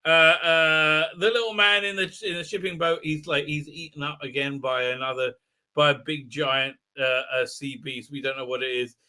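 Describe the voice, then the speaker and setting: Male host, rambling exasperated review rant, high-pitched. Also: fairly even intonation, normal speed, sharp tone. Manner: exasperated, incredulous, full of fillers, mocking quotes. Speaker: show host reviewing an episode. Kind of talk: rambling ranting recap.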